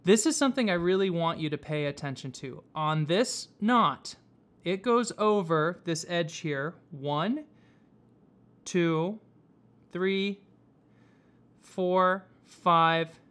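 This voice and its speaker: A man teaching whipmaking, explaining each step patiently with frequent pauses and fillers. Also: a little high, expressive, fairly bright tone. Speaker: whipmaking instructor. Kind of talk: hands-on craft tutorial. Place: workshop.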